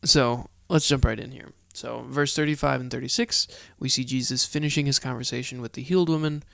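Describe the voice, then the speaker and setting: A man's voice: medium pitch, steady tone, fairly quick, vocal fry, pushed and bright, dry recording, studio quality. A man hosting a podcast, reading scripture aloud in a casual Bible study with chatty, earnest asides. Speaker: podcast host.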